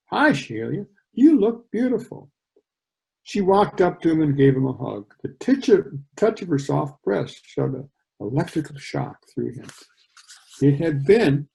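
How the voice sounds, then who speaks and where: Gravelly man reading his novel aloud. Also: medium pitch, mellow, poor audio. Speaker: author. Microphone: video call.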